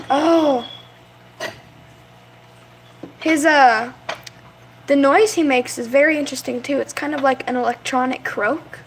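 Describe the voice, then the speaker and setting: A woman's voice: high-pitched, moderate pace, slight background noise. A young woman chatting casually in a vlog, rambling about her pets and stopping to coo at them. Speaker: vlogger.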